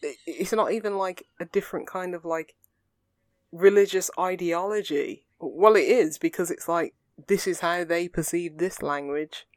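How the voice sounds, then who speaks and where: A young adult chats on a podcast at a middling pitch. The talk rambles earnestly, looping through fillers and restarts. The sound is dry and close. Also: normal speed, dry recording. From England. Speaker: podcast co-host. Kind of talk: casual chat.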